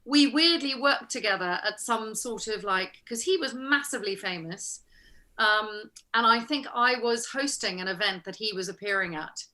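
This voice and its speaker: A woman from South Africa, an actress being interviewed over a video call, chatting casually and telling animated stories with frequent laughter. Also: medium pitch, moderate pace. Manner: chatty, animated storyteller who laughs often. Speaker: actress guest.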